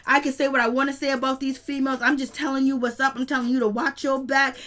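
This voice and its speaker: A woman with a high, bright voice hosts a casual recap of a reality show. She retells each scene with energy and cheers loudly at the drama. Her speech carries a relaxed, street-flavored manner. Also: quick pace.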